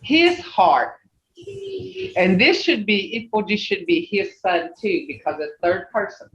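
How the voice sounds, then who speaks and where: A language teacher runs an online class in an animated, medium-pitched, slightly bright voice, speaking a little slowly. She patiently repeats words and checks that everyone is following, though the video call audio comes through echoey and muffled.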